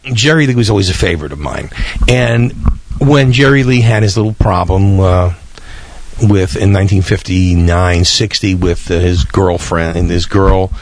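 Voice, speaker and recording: A man's voice: sits low, normal speed, no room sound. A man, hosting a podcast in a rambling, chatty way with small laughs. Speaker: podcast host. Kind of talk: casual radio-style podcast hosting.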